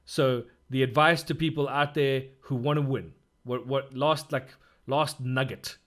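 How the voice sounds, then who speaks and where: A man's voice: medium pitch, fairly even intonation, a little slow. A man hosting a casual gaming podcast, upbeat and enthusiastic as he wraps up. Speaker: podcast host. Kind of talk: casual chat.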